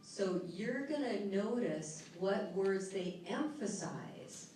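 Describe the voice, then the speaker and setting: A woman's voice: mid-range voice, takes it slowly. A middle-aged woman speaks at a live workshop, her voice soothing as she guides a breathing exercise and emphatic as she teaches. The sound is very echoey and picked up from a distance in a large hall. A faint noise runs underneath. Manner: soothing, guiding, then lively and emphatic.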